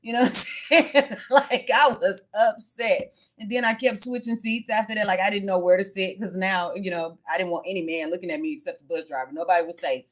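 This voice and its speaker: A woman's voice: medium pitch, fairly even intonation, fairly quick. A woman hosting her tarot channel, chatting casually on a livestream and telling a story in frank, profane speech.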